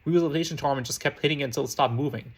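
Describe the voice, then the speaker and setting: A man's voice: medium pitch, racing, breathy edge. A man voicing an earnest, polite young boy wizard in a fan fiction audiobook. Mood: matter-of-fact.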